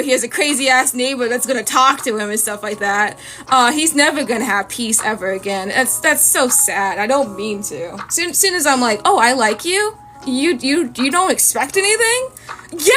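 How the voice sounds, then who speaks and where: A woman's voice: a little high, poor audio. Chatty young woman rambling while she draws. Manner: rambling, chatty, animated storytelling with quoted voices. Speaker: art streamer. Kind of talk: casual storytelling while drawing. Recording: faint lofi music behind. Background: faint lofi music.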